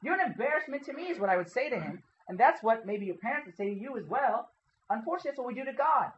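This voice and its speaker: A youth preacher with a very high-pitched, expressive voice talks fast, captured in dull audio with slight background noise. Giving a casual sermon to young people in a church hall, he stays conversational, quizzes the audience, and keeps checking in with "okay?".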